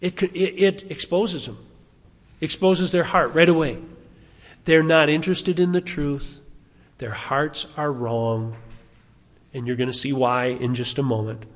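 Animated preacher in an echoing hall. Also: male voice, on the high side, measured pace, long pauses. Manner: animated, rhetorical questions to the congregation. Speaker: pastor. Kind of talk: sermon.

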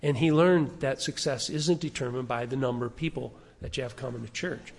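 A man's voice: mid-range voice, a little fast, gravelly, a little mellow. An older man, a pastor preaching a sermon in a conversational way, asking the congregation questions. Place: church sanctuary. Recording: long reverb of a church hall.

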